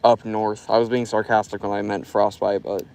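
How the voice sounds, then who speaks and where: A man's voice: lowish voice, little pitch movement, normal speed, creaky, a little mellow, slight background noise, poor audio. A young man from Florida chatting loosely through a fishing live stream outdoors, filling his talk with "like". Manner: loose and rambling, full of "like". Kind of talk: casual live stream chat. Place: outdoors by a river.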